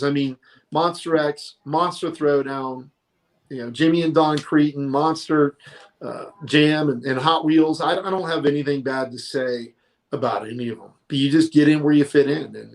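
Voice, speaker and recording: A middle-aged man telling his career stories in a casual, animated interview, often quoting other people. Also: a little high. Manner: animated, tells stories with quoted voices. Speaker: guest, monster truck announcer.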